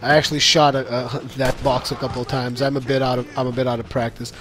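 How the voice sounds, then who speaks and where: A man giving casual commentary over his own gameplay footage, chatty and quick to laugh as he acts out his own reactions. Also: mid-range voice, little pitch movement, fairly bright tone, faint music behind.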